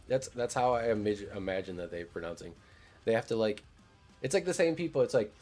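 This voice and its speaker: A man's voice: mid-range voice, animated, fairly quick, a little mellow. A man casually chatting over his gameplay as a streamer, laid-back and rambling, swearing now and then. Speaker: gaming streamer.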